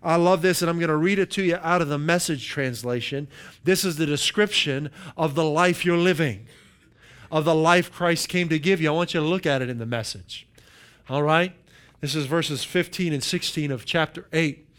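A man preaching a sermon, emphatic, slowing down to stress key words and asking the room "right?" between points. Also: fairly high pitch, fairly bright tone, clean tone.

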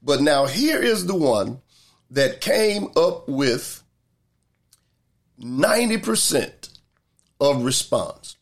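A man's voice: medium pitch, sing-song, slow pace. A man talking through his thoughts in a casual monologue, thoughtful and rambling, with many fillers and repeated words.

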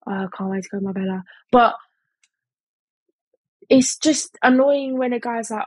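A woman's voice: medium pitch, moderate pace, long pauses, husky, no echo, rough recording. A young woman chatting casually in a storytime vlog, full of fillers and mimicking other people in quotes. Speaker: vlogger.

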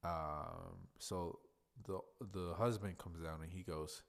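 Blunt, swearing man with a very deep voice. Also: sing-song, slow, creaky. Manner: blunt, profane and conversational. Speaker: podcast host. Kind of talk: casual solo podcast monologue. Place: workplace in a hotel lobby.

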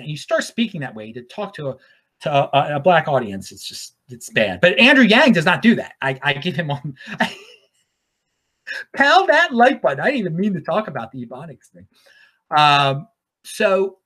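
A man's voice: fairly high pitch, a bit bright, breathy edge. A man from Baltimore hosting his own show in a rambling, off-the-cuff casual monologue. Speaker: show host.

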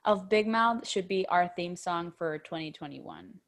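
Young woman co-host, lively casual chatter, giggles a lot, wide-ranging pitch. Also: unhurried, creaky, soft background music. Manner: giggly, animated, laughs often. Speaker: podcast co-host. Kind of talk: casual chat.

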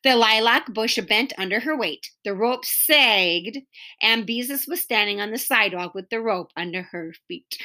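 A woman reading a children's book aloud with expressive storytelling. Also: on the high side, moderate pace. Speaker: narrator.

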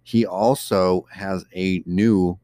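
Man, podcast co-host, lowish voice, giggly, filler-heavy, dry close sound. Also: steady tone, takes it slowly, warm tone, no room sound. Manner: giggly, reads injury updates with frequent fillers. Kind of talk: casual podcast chat.

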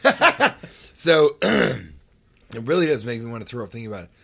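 Podcast guy with a gravelly voice, telling a story, doing little sound effects. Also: mid-range voice, normal speed. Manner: animated, acts out sounds and voices. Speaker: podcast host. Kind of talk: casual comic storytelling.

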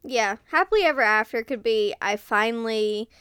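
A young woman co-hosting a podcast in casual chat, talking in a lively way and acting out quotes. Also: on the high side, normal speed, smooth, no room sound, studio quality. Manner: chatty, animated, acts out quotes. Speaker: podcast co-host.

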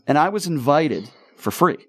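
A man hosting a radio talk show, telling stories in an animated, exasperated way. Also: a little high, moderate pace, no echo. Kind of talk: casual storytelling chat.

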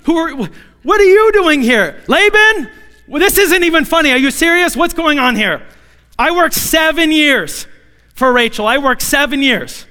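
A man's voice: very high voice, expressive, moderate pace, pushed and bright, in a large hall, voice pushed up, exaggerated voice. A man playing an outraged young shepherd. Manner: exasperated, protesting.

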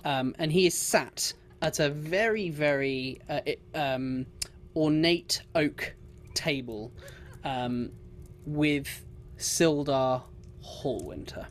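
A game master narrating a tabletop game, pausing often with ums as they describe scenes. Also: mid-range voice. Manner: hesitant, many ums while describing.

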